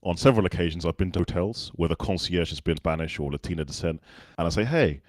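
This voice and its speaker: A man with a very low voice and a polished, non-regional Southern English accent talks as a podcast guest. He tells stories in an easy, unhurried way and acts out the other people's lines. The sound is dry and close. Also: a little mellow, dry recording. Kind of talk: casual interview chat.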